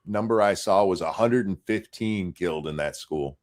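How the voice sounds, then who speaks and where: A man's voice: deep voice, normal speed, darkish tone. A man co-hosting a casual political chat show, talking bluntly and with profanity, often restarting his sentences. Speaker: show co-host.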